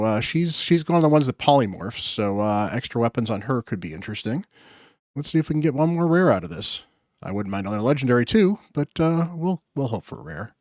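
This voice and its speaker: A man's voice: medium pitch, darkish tone, no echo. Man, gaming host, casual summon commentary, upbeat, lots of uh fillers, dry close mic. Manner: chatty, upbeat, frequent "uh" fillers.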